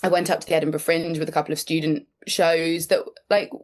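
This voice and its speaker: Woman, thirties, podcast guest, casual, self-deprecating, lower pitch. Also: level tone, fast talker. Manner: chatty, self-deprecating, lots of fillers. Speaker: comedian and actor guest. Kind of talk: casual interview chat.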